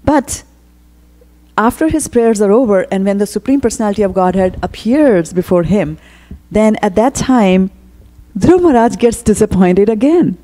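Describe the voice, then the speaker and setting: A woman giving a storytelling sermon, retelling a scripture tale with quoted dialogue, casual fillers and pauses. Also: medium pitch, lively intonation, mellow, long reverb tail. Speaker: speaker giving a temple talk.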